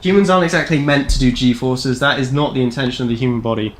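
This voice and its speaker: Casting: young man in his twenties, mid-pitched, rambling and jokey gameplay streamer. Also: quick pace. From Canada. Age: 20s. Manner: rambling, self-deprecating, jokey, lots of "like" fillers. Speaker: game streamer. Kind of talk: casual gameplay live-stream chat.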